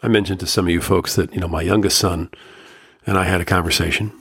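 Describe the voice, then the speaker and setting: A middle-aged man hosting a solo podcast, talking earnestly and emotionally in slow, measured phrases, firm and lecturing at times. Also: deep voice, fairly even intonation, fairly bright tone, breathy edge, no echo, studio quality. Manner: firm and lecturing about fatherhood. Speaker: podcast host.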